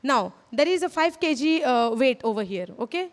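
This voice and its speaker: Earnest and repetitive, a woman preaches with an Indian English accent, frequently turning questions on her audience. Her high, expressive voice moves at a moderate pace, echoing with hall reverb.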